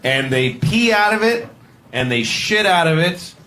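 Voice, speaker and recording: A man doing stand-up comedy, rambling and deadpan with halting restarts. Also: high-pitched, noisy background.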